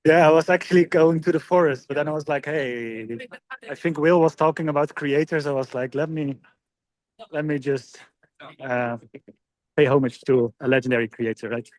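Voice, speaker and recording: A man's voice: a little high, moderate pace. A man chatting casually on a group video call, friendly and full of fillers. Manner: friendly, laughing, filler-heavy. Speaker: call participant.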